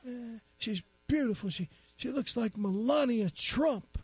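A man's voice: extremely high pitch, a little mellow, slightly rough, no echo, pitched above the performer's own voice, exaggerated voice. A man voicing a very old, tearful man who rambles and stammers. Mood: boasting tearfully. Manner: halting, stammering, boastful.

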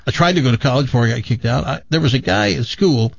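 A man's voice: medium pitch, animated, fast, gravelly, no echo, highs cut off. A man in casual chat, jumping in with reactions and stories. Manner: chatty, jumps in with reactions. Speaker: co-host.

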